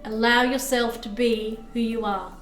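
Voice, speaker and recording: A woman's voice: fairly high pitch, fairly even intonation, measured pace. A woman giving a live tarot reading on stream, chatting with viewers and thanking them as she explains the cards. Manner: chatty, reads chat aloud, thanks viewers. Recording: echoey room with faint music.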